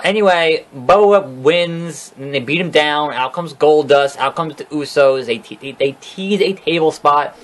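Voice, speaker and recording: Ranting, profane man recapping wrestling. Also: on the high side. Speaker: wrestling show reviewer. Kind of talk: casual solo recap vlog.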